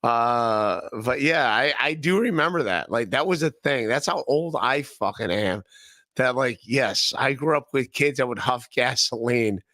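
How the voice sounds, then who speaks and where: A man's voice: mid-range voice, lively intonation, measured pace, pushed and bright, dry recording, studio quality. A man in his thirties from Northeast Ohio hosting a podcast, rambling casually and profanely to his chat, laughing often and repeating himself. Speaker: podcast host. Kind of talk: casual livestream chat reading chat comments.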